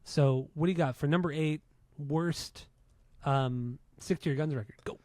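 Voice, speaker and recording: A man's voice: fairly high pitch, normal speed, warm tone, no echo. A man in his forties from Southern California, hosting a podcast in a laid-back, chatty way. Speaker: podcast host. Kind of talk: casual podcast chat.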